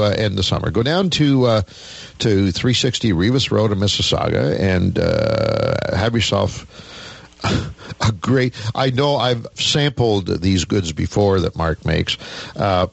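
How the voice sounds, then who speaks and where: A man's voice: on the low side, vocal fry, no echo. A man hosting a radio show, chatting in a folksy, casual way with many fillers.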